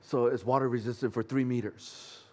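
A man's voice: medium pitch, steady tone, moderate pace, a little mellow. Man preaching a conversational sermon. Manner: earnest, conversational preaching with humorous asides. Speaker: pastor.

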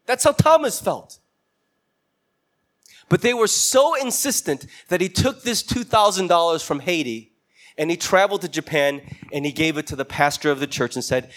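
High-voiced man preaching a story sermon. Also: lively intonation, moderate pace, a bit bright. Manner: storytelling, acts out quoted voices.

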